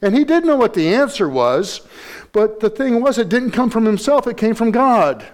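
A male pastor delivering a sermon in a somewhat high voice. He preaches emphatically, repeats key phrases and builds to stronger peaks. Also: big pitch swings, moderate pace, darkish tone.

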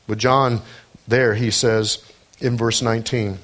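A man's voice: medium pitch, level tone, takes it slowly, fairly bright tone. A man preaching a sermon, emphatic and repetitive, building to fervent peaks.

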